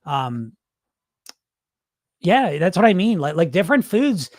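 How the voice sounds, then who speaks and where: Middle-aged male host, higher voice, dry close sound, blunt and profane, chatty. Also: big pitch swings, measured pace, no echo. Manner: candid, swears freely, acts out his inner voices. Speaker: weight loss hypnotist, show host. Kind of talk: casual livestream talk.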